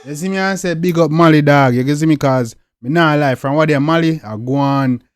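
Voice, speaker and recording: A man's voice: on the high side, fairly quick, no echo, studio quality. A young man with a Jamaican accent hosting a music reaction video, talking in a hyped, slangy way and repeating catchphrases. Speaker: reaction channel host. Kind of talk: casual reaction commentary.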